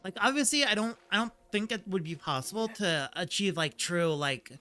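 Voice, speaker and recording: A man's voice: high voice, expressive, moderate pace, sharp tone. A man streaming a game and chatting casually, rambling with lots of "like" fillers and laughing easily. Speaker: streamer and voice actor. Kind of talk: casual gaming stream chat. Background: faint game music.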